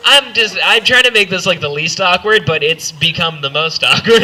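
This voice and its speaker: A man's voice: sits high, moderate pace, few pauses, bright, forceful tone. A young man doing stand-up in a rambling, self-deprecating way, full of stumbling restarts. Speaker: stand-up comedian. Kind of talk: stand-up set. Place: comedy club stage.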